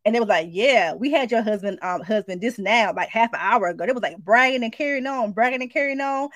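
An adult woman, sharing a dream in a casual spoken message, animated and informal, acting out the voices as she tells it. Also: on the high side, fast, dry recording. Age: adult, married mother. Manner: animated storytelling, shifts into acted quotes, informal speech. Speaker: Christian speaker sharing a prophetic dream.

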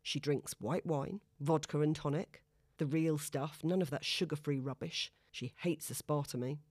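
A woman reading a novel aloud in a wry, even storytelling manner. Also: low voice, measured pace, dry recording, clean studio sound. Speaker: audiobook narrator. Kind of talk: scripted narration.

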